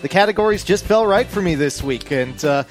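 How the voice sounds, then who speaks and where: A man chats as a panelist on a sports podcast, relaxed and a bit rambling with lots of fillers. His voice sits slightly high. Music plays clearly behind him. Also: fairly quick. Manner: relaxed, rambling, self-deprecating. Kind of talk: casual podcast chat.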